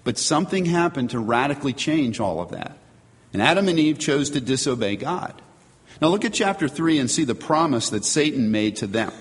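A man delivers a sermon in an earnest, emphatic way, pausing to let each point land. His voice sits at an ordinary middle pitch. The sound carries the long reverb of a large hall. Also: lively intonation. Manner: earnest, emphatic preaching with measured pauses. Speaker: pastor.

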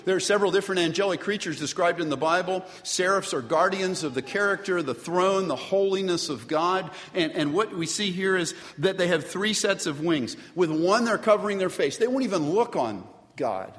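A man's voice: high-pitched, fairly quick. Man preaching in a big echoing hall. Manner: animated preaching with asides to the congregation. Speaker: pastor. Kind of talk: sermon. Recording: long reverb of a large hall.

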